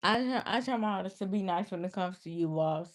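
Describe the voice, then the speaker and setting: A woman's voice: mid-range voice, a little fast. Exasperated young woman talking to her chat. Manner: exasperated, scolding, talks straight to viewers. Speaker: livestreamer. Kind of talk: casual live-stream talk to chat.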